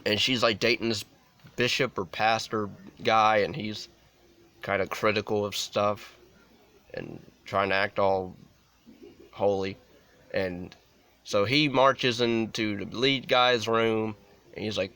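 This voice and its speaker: A man's voice: lowish voice, steady tone, slow, pauses often, sharp tone, clean tone. A young adult man giving a casual, unscripted movie review, rambling with many restarts and "like" fillers.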